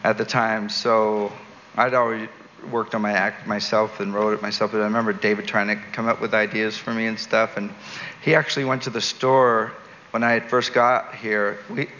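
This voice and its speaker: A Canadian man in an interview, telling a rambling, animated story and laughing at his own jokes. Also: lowish voice, normal speed. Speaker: entertainer and guest. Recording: dull recording with long reverb, faint noise.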